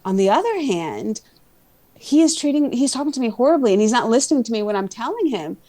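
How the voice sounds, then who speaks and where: A woman's voice: on the high side, very animated, quick pace, mellow, no echo. A woman co-hosting a podcast, chatting in an opinionated, gossipy way. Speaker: podcast co-host. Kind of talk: casual chat.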